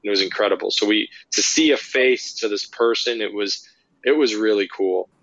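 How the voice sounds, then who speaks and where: A man, a paranormal investigator, telling lively, rambling anecdotes with lots of fillers in a casual interview. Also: on the low side, normal speed, vocal fry, no room sound, muffled recording.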